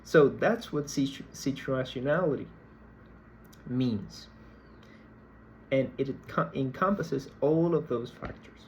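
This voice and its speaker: A male lecturer explaining a concept in a recorded class, speaking in a slow, measured way and often repeating himself mid-sentence. His pitch sits in an ordinary middle range. Faint ambient noise hums behind him. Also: darkish tone, rough recording. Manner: slow, deliberate, repeats words while explaining. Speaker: university lecturer.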